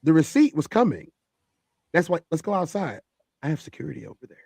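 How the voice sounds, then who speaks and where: A man's voice: fairly high pitch, very animated, fairly quick, vocal fry, darkish tone, husky, dry recording. A man hosting a reaction commentary, emphatic and repeating phrases for effect. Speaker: host.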